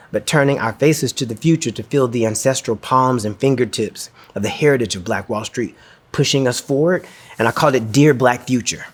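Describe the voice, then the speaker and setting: A man giving a talk, telling a personal story in an earnest, reflective way that turns emotional, acting out dialogue as he goes. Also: medium pitch.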